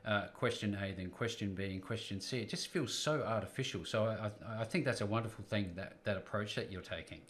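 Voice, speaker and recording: A man hosts a business podcast and asks his questions at a measured pace. His voice sits fairly low. He backs up his guest with short affirmations. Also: fairly bright tone, slight background noise. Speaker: podcast host. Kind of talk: interview questions.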